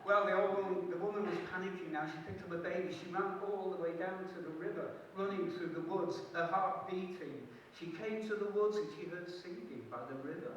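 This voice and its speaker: A man telling folk tales live at a festival, lively and playful. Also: high voice, a little fast, few pauses, dull audio. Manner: lively, playful, chuckling asides. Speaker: storyteller. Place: festival hall. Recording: echoey hall, distant mic, hiss.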